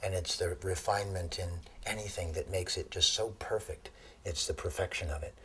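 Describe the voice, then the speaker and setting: A man giving a lecture on Ayurveda to an audience, telling animated stories and laughing at his own jokes. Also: low-pitched, moderate pace, slightly rough. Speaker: Ayurveda teacher.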